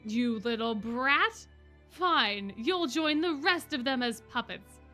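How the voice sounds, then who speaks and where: A woman reading aloud as a bitter young man turned ink monster, taunting and shouting his lines. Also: sits high, lively intonation, unhurried, faint music behind, exaggerated voice. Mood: furious.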